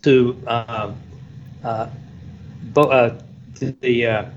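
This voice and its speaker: A man working as a photographer, telling a story in a casual, animated way and acting out the voices of the people in it. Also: medium pitch, slow. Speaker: photographer guest. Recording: dull lo-fi sound, faint background noise.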